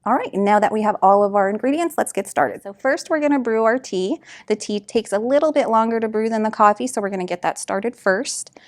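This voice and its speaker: Woman giving a relaxed drink-making demo. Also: fairly high pitch, a little fast, few pauses. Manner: relaxed instructional, frequent fillers. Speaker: community food associate. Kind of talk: cooking demonstration.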